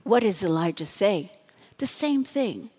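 A woman pastor giving a dramatic sermon, dropping to hushed tones and rising to emphatic bursts. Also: mid-range voice, sing-song, a little slow, slightly rough, big-room sound.

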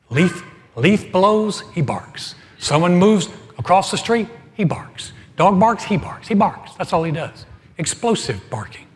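A middle-aged man preaching as pastor, telling a humorous story with animated swings from loud to soft. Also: high voice. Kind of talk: humorous sermon. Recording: hall reverb.

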